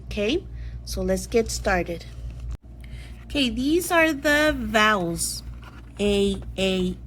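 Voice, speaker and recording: A woman teaching a phonics lesson to young children, saying each sound and word slowly and clearly, repeating each one three times. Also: mid-range voice, slight background noise. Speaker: second grade teacher.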